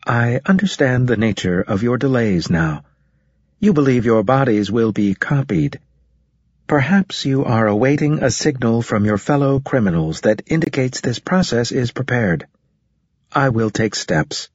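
A man's voice: medium pitch, lively intonation, a little slow, darkish tone, slightly rough, no echo. A man reading the lines of a haughty alien prefect, in a stiff, formal, indignant way. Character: haughty pompous alien prefect, male-voiced creature. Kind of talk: audiobook character reading. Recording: dull, muffled audio.

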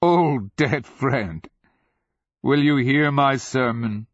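A man voicing an ancient, inhuman sorcerer king who is mad and grandiose, speaking in a booming, declamatory way for an audiobook. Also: fairly even intonation, normal speed, dry recording, close to an everyday voice. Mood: mocking. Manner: booming, declamatory, swings into roaring fury. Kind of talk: audiobook character voice. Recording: dull lo-fi audio.

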